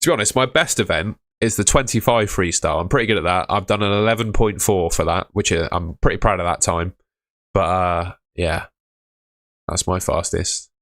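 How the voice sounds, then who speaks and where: A man's voice: low voice, moderate pace, fairly bright tone, no echo, clean studio sound. A young man hosting a livestream, answering viewer questions in an offhand, matter-of-fact way and calling people mate. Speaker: fantasy football livestream host. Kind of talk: casual livestream chat reading viewer questions.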